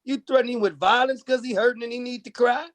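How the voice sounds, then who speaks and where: A male comedian from Oakland, telling stories in an animated, profane way during a casual podcast interview. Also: very high-pitched, fast talker. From Oakland, California. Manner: animated storytelling, acts out voices, profane. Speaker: comedian guest.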